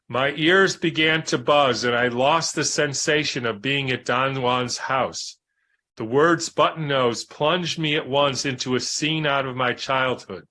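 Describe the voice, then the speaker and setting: A man reading a book aloud in a measured, reflective way, pausing for spoken asides. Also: medium pitch, bright, forceful tone. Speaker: reader and commentator.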